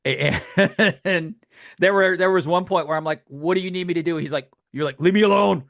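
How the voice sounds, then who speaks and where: This older man's voice sits a little high and moves at a moderate pace, recorded in clean studio sound without echo. Co-hosting a podcast, he tells stories in casual chat and acts out quotes with lively animation.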